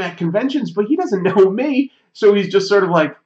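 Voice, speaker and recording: A man's voice: high voice, lively intonation, brisk, hardly any pauses, a little mellow, muffled recording. A man who says he is sick, hosting a drawing livestream and chatting casually with many fillers. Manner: rambling, many fillers and restarts. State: sick, coughing. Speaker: comic artist livestream host. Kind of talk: casual chat while drawing.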